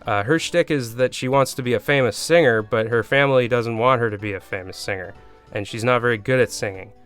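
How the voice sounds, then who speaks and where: A Canadian man with a Canadian accent narrating a comedic movie review, with sarcastic deadpan asides. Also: medium pitch, a little fast, clear, resonant tone, faint music behind. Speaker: video reviewer host.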